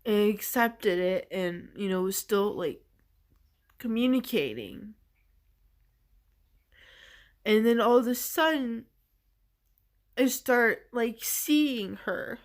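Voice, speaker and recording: A woman vlogger recounting a personal experience in a halting, searching way, earnest and emotional, leaning heavily on "like". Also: a little high, expressive. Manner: halting and searching, heavy use of "like". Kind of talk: personal storytelling.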